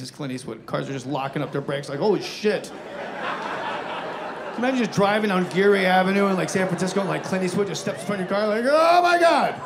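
A man doing stand-up comedy, telling animated, profane, self-mocking stories to a live audience. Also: a little high, background noise. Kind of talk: stand-up storytelling. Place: stage before a live audience. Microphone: wearing a microphone. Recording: live stand-up with faint crowd.

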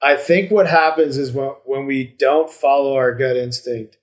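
A man muses his way through a casual podcast conversation, circling back and restarting sentences as he hunts for his point. His voice sits at an ordinary, middle pitch. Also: steady tone, moderate pace. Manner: reflective, rambling with many restarts and fillers. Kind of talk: casual chat.

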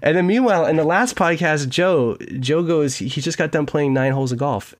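A young man co-hosting a casual sports podcast from home, telling animated stories and laughing often. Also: fairly high pitch, fairly quick. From United States. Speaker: podcast co-host.

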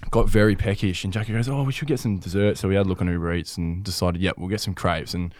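A young man co-hosting a podcast, telling a story in an animated way and laughing often. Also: deep voice, quick pace, no echo, clean studio sound. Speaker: podcast co-host. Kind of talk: casual chat. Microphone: close studio mic.

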